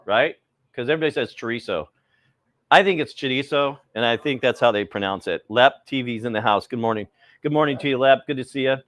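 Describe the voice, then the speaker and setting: A middle-aged man runs a live cooking stream in a loose, rambling chat, calling out viewers by name between steps. He sounds a little cold. His voice sits at an ordinary pitch and is recorded dry and close, with no room echo. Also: fairly quick, a bit bright.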